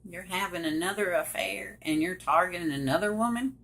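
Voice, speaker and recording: Middle-aged woman, slightly low pitch, direct and emphatic personal storytelling to camera. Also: fairly quick, a bit bright. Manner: emphatic, addresses viewers directly. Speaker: survivor telling her story.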